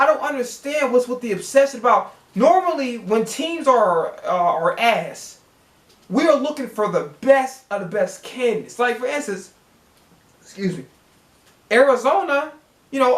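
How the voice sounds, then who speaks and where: A man's voice: very high-pitched, a bit bright, roomy sound. A man hosting a sports reaction channel, ranting as a fan with heavy cursing and words repeated when he gets worked up. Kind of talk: profane fan rant.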